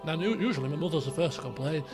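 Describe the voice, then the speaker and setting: A man with a notably high voice rambles through an animated personal anecdote, stopping and restarting his sentences. Faint music plays softly behind him. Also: very fast. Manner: animated storyteller, many restarts and asides. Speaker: let's play host.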